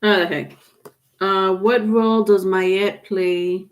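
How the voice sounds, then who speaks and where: A woman's voice: mid-range voice, fairly even intonation, slow pace. A woman doing a live-stream tarot reading, chatting casually and reading viewer comments aloud. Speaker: tarot reader.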